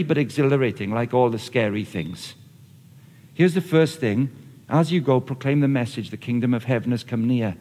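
Male preacher, lively conversational delivery, middle pitch, echoing hall sound. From Australia or Britain, not the audience's country. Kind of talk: sermon. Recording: long reverb of a large hall.

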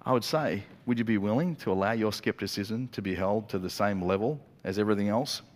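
A man preaching a sermon as a pastor, telling the story in a lively way with quick acted-out asides. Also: fairly low pitch. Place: church auditorium. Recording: long reverb of a church hall.

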